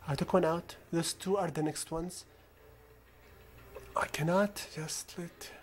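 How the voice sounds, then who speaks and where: Brief: slow, even-pitched let's-play host with a non-native accent, calm, coaching, often hushed. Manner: calm, coaching the game character, often dropping to a hushed whisper. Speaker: gamer. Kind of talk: gameplay commentary.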